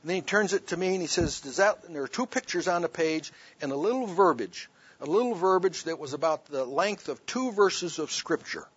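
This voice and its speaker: A man's voice: fairly high pitch, animated, brisk, slightly rough, no room sound. A man preaching, telling a personal story in an emphatic sermon testimony, on a dull lo-fi recording.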